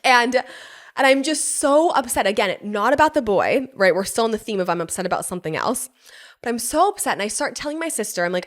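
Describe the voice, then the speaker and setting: A pregnant young woman hosting a podcast, telling a personal story in a casual, animated way, laughing often and swearing freely. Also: on the high side, fairly quick. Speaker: podcast host.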